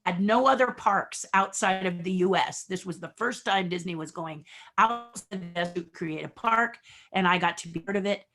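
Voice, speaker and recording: A middle-aged woman guest on a podcast, telling stories from her career and acting out the dialogue in lively voices. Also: on the low side, moderate pace, faint music behind. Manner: animated storyteller acting out dialogue. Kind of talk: storytelling interview.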